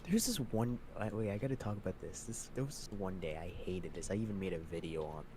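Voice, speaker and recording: A young man with a very deep, low voice chatting casually, with a faint hiss behind him. He talks haltingly, repeating himself and restarting sentences. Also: warm tone. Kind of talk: casual chat.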